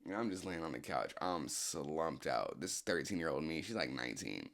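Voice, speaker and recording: A man's voice: a bass voice, animated, moderate pace, gravelly, a bit bright. A man casually telling a story to a friend in a console party chat, laid-back and rambling, full of slang and restarts, speaking into a game headset.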